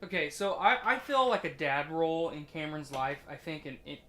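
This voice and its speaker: A man's voice: on the high side, a little fast, fairly bright tone. A young man hosting a podcast, teasing and profane, rambling with lots of restarts in casual chat. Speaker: podcast host.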